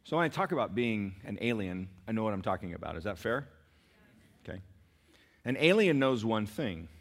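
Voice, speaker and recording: A man's voice: lowish voice, very animated, normal speed. A middle-aged male pastor preaching a sermon in a conversational way, with asides to the congregation and rising emphatic peaks.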